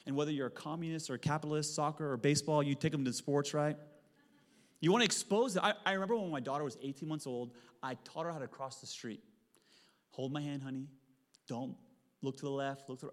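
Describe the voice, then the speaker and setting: A man in his thirties delivers a sermon from the stage of a church sanctuary. His voice sits a little high and moves from loud, lively storytelling to hushed, serious moments. Long reverb from the large hall trails behind his words. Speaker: pastor.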